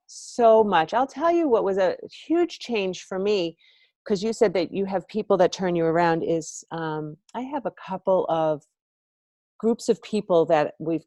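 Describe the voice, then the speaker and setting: A woman podcast host interviewing a guest, enthusiastic and animated as she mimics her own doubts. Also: lowish voice, dry recording. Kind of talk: conversational interview.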